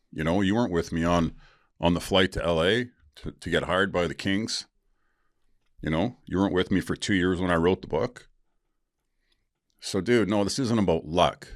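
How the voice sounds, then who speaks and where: Middle-aged male podcast host, very low voice, dry close sound, blunt and profane, rambles with lots of ums. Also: no room sound. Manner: candid, profane, rambling with many fillers. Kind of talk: casual solo podcast talk.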